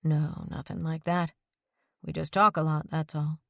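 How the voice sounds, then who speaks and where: Woman narrating as a steady, plain-spoken widower, low-pitched, calm and terse, firm under pressure, in a dry close recording. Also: a little slow, creaky, dry recording. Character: quiet, steady widowed man, stubborn when pushed.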